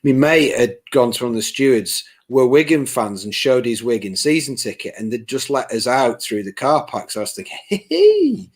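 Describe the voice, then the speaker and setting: A man's voice: medium pitch, brisk, hardly any pauses, breathy edge. A man chatting on a podcast, telling a story animatedly and acting out what people said. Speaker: podcast co-host. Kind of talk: casual podcast chat.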